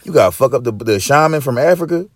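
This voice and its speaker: A man's voice: medium pitch, expressive, fast, dry recording. Profane, rambling podcast host man. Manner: profane, rambling, lots of fillers and repeats. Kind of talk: casual chat.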